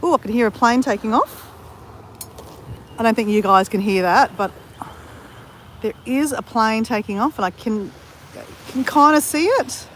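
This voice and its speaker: A woman's voice: a little high, moderate pace, pauses often, fairly bright tone, slight background noise. A woman chatting to viewers on a phone livestream while walking outdoors by the sea, talking to them by name and laughing easily. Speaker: livestream vlogger. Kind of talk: casual chat on a walking livestream. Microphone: phone held while walking.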